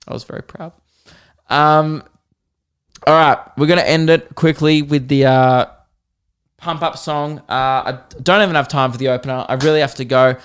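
Profane Australian comedian telling a story. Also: male voice, mid-range voice, moderate pace, clean tone. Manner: animated, profane, mocking. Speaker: comedian podcast host.

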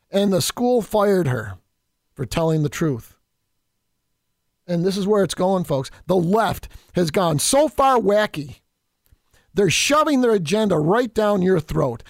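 Man, political commentator, high voice, indignant, emphatic monologue, dry close sound. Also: no room sound. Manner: indignant, emphatic, addresses listeners as folks. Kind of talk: opinion monologue.

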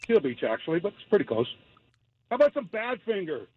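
A man's voice: high voice, big pitch swings, breathy edge. Jokey older man on a phone line. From London. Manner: jokey, quick with comebacks. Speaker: caller. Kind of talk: phone-in chat.

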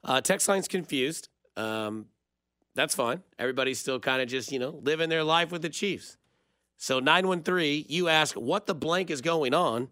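A man hosting a sports call-in radio show, reacting to callers in a dry, low-key, deadpan way. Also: moderate pace, dry recording. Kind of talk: casual call-in radio chat.

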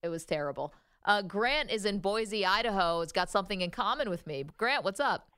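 A woman co-hosts a sports talk show in an upbeat, lively way. Her voice is smooth and clear, recorded close and dry. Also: mid-range voice, brisk, dry recording. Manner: lively, laughs often, upbeat. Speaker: sports radio co-host.

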